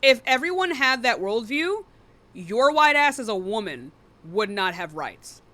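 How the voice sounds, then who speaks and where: A woman hosting a live online debate stream, blunt and profane, quick to cut people off. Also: on the high side, sing-song, pushed and bright.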